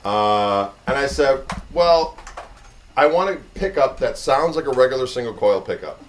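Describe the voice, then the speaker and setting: A man's voice: mid-range voice, animated, normal speed, slight background noise. A middle-aged man, a guitarist, casually telling a story and introducing a pickup demo in a rambling, conversational way. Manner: rambling, conversational, full of "you know".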